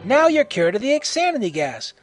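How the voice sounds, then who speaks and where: A man's voice: very high-pitched, big pitch swings, fairly quick, soft background music, voice pushed up. A man doing a hot-headed female vigilante. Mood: angry. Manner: shouting, barking threats. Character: gritty vengeful female vigilante hero, hot-tempered. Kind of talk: amateur audio story reading.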